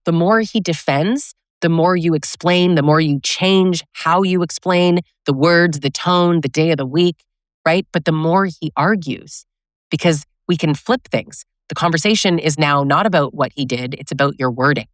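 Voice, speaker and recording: A woman's voice: low-pitched, moderate pace, dry recording, clean studio sound. Direct woman coaching on relationships. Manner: direct, conversational, asks rhetorical questions. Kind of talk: educational talk to camera.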